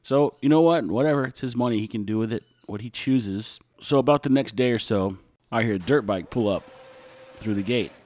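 A man's voice: medium pitch, brisk, a little mellow, no echo. A man hosting a podcast, talking alone in a casual storytelling monologue, blunt and wry, sometimes ranting. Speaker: podcast host.

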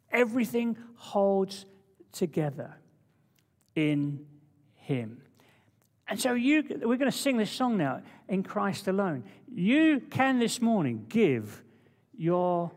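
A man preaching a sermon with passion, swinging from loud declarations to hushed, intimate asides. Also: a little high, long reverb tail.

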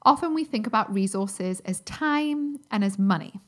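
A woman's voice: medium pitch, animated, moderate pace. A chatty woman talks through her solo health podcast. She sounds upbeat and casual, with plenty of ums and likes. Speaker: podcast host and health coach.

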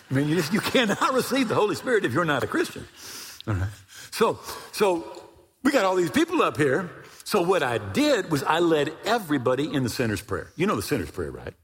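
An older man preaching a sermon as a pastor, telling a story with animated delivery and bursts of shouting. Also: on the high side, slightly rough. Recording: long hall reverb.

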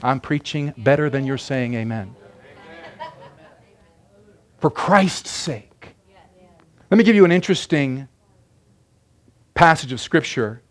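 Brief: male pastor, high voice, emphatic sermon with hushed asides. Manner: emphatic preaching, swings between loud declarations and quiet asides.

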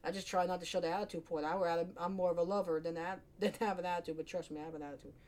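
A woman's voice: fairly low pitch, steady tone, rapid-fire, a little mellow. A woman talking casually to camera in a playful, rambling vlog monologue, laughing often. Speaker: vlogger. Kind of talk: casual self-recorded monologue.

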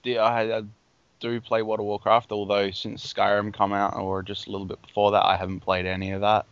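A man co-hosting a casual gaming podcast, hesitant and trailing off quietly. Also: lowish voice, completely flat delivery, fairly quick, clear, resonant tone. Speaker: podcast co-host. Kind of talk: casual chat. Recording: dull lo-fi audio.

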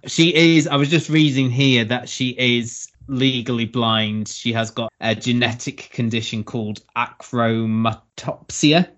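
A man's voice: medium pitch, fairly even intonation, a little slow, few pauses, fairly bright tone. A man hosting a TV review podcast, frank and plain-spoken with candid opinions. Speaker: podcast host. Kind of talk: casual review chat.

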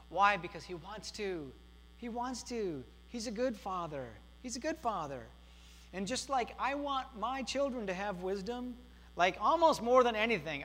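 A man in his thirties preaching a sermon in a church, earnest and repetitive, swinging from emphatic declarations to hushed, gentle asides. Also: high-pitched. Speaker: pastor. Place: church sanctuary. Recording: hall reverb with faint mains hum.

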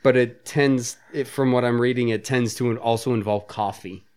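A mid-pitched podcast co-host talks through a movie in a loose, joking way, laughing along with the other host. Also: fairly even intonation, moderate pace, a little mellow, smooth. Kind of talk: casual movie commentary chat.

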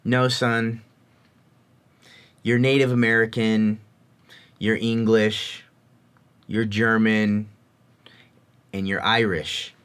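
A man voicing a father gently correcting his young son, amused and calm. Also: lowish voice, takes it slowly, long pauses, smooth.

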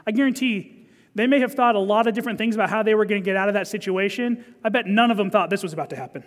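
A man preaching a sermon as pastor, swinging from loud emphasis to hushed scripture reading. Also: sits high, racing, big-room sound.

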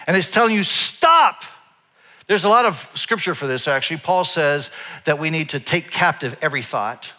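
A man in his forties preaching a sermon, telling a personal story in a conversational way that swings from quiet asides to loud, animated bursts. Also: on the high side, a little fast, in a large hall. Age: 40s. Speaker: pastor.

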